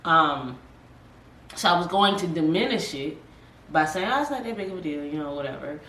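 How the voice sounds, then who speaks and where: A woman's voice: low-pitched, expressive, normal speed, a bit bright. A woman co-hosting a podcast, chatting casually and animatedly with fillers and laughs, sounding tired. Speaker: podcast co-host. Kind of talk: casual chat. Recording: echoey room, from a distance, faint noise.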